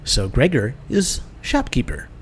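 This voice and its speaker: A groveling rat-creature shopkeeper, voiced by a man pushes his voice up high and loud. He talks about himself in the third person with broken grammar. The room behind him carries a faint hum of ambience. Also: wildly swooping pitch, measured pace. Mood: fawning. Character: ratty male rat-creature shopkeeper, fawning.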